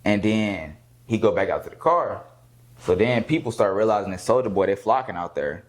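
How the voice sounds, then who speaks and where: A man recounting a story to an interviewer in loose, casual conversation. He is animated and laughs often. He slips into other people's voices as he quotes them. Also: lowish voice, normal speed, rough recording. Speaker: rapper guest.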